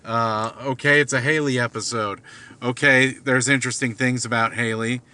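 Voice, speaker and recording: A man's voice: medium pitch, fairly even intonation, moderate pace, bright, forceful tone, clear, resonant tone. A man rambling casually from his car at night, hesitant, with many fillers and restarts. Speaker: vlogger.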